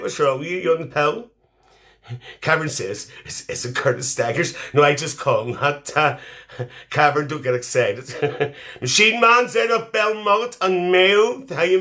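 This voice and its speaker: Cheeky auntie played by a guy, bright lively voice swinging up and down, teasing and motherly on a phone live. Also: on the high side. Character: chatty cheeky middle-aged Irish auntie woman. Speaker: live stream host. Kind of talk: live stream chat reading comments.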